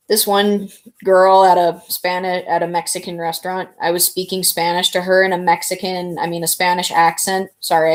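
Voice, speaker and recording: A woman streamer chatting casually, rambling and answering her viewers. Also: lowish voice. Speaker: live streamer. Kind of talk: casual live stream chat.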